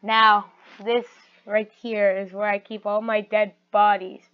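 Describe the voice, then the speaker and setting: A woman's voice: mid-range voice, level tone, unhurried, clear, resonant tone, close to an everyday voice. A woman voicing a sly, scheming rat con artist who talks in a wheedling, menacing way. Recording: muffled lo-fi recording.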